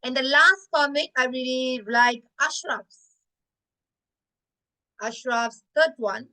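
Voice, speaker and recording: Bright slow-talking woman teacher. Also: high voice, low-quality recording. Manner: switches between English and Malay, many fillers and okays. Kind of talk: classroom lesson, reviewing student comics. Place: classroom.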